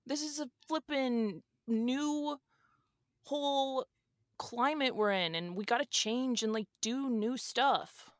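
A woman's voice: high voice, slow pace, dry recording, clean studio sound. A woman playing a young, rich, airheaded male influencer who talks in a slangy, rambling, defensive drawl as a guest on a comedy podcast. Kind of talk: improvised comedy podcast sketch.

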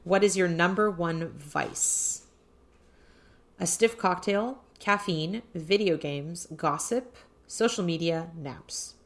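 A woman's voice: lowish voice, slow pace. A woman co-hosting a podcast, chatting casually and reading out quiz options one by one. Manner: reads quiz options aloud in a list. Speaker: podcast co-host. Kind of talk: casual chat.

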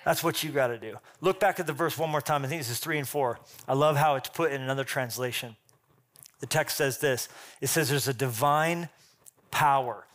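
A man preaching a sermon as pastor, punchy and animated, with quick asides and jokes. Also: medium pitch.

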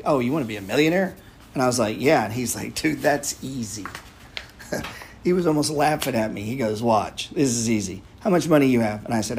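A man's voice: medium pitch, husky. A man hosting a live audio chat room, talking casually in a blunt, profane, rambling way. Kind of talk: casual talk.

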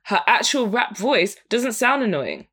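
A woman's voice: fairly high pitch, sing-song, measured pace, a bit bright, slightly rough. A young woman hosting a podcast, giving frank, casual music reviews and often laughing between her points. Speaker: podcast host.

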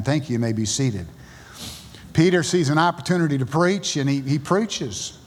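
A male pastor with a Southern US accent, preaching a sermon and driving his points home with emphatic high bursts. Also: animated, moderate pace. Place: church sanctuary. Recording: long church reverb.

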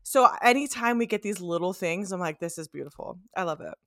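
A woman's voice: mid-range voice, brisk, no room sound. A woman co-hosting a podcast in casual chat, telling stories and acting out quotes. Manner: animated storytelling, acts out quotes. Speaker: podcast co-host.

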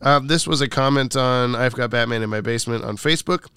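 A man's voice: medium pitch, quick pace, pushed and bright, clear, resonant tone, no room sound, clean studio sound. A man co-hosting a podcast in a casual chat, reading listener comments aloud and laughing often. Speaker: podcast co-host.

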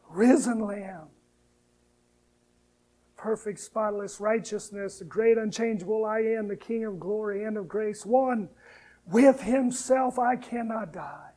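A man with a high, mellow voice preaches a sermon at an unhurried pace. He drops to near-whispers and then rises into loud, fervent appeals, reciting hymn lines slowly. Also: fairly even intonation, low-quality recording. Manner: preaching with sharp swings between soft, hushed lines and loud, rising ones. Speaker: pastor.

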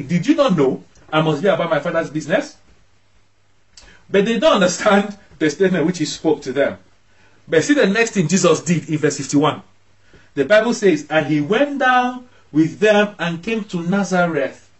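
A man's voice: high-pitched, expressive, normal speed, poor audio. A man preaching a sermon as pastor, emphatic, his voice rising sharply when he acts out scolding parents.

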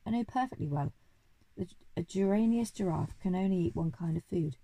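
A woman's voice: on the low side, brisk, dark tone, no echo, poor audio. A woman voicing a grand, boastful male duke who thinks himself an expert on animals, speaking in a pompous, hearty way.

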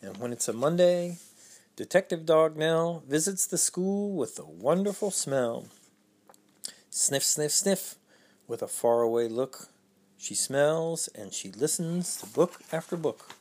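Rhyming picture-book reader, unhurried and very lively in pitch. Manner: sing-song, expressive. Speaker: storyteller. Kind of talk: rhyming storybook read-aloud.

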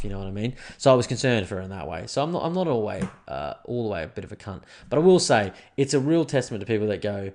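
A man's voice: fairly low pitch, expressive, quick pace. A man hosting a casual solo podcast, rambling and crude, with lots of swearing and self-deprecating asides. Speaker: podcast host.

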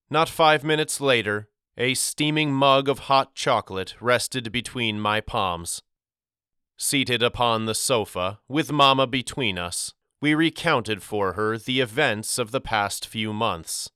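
A man narrating a first-person storybook audiobook in a measured, unhurried way. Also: lowish voice, bright, forceful tone, clean tone, no room sound, studio quality.

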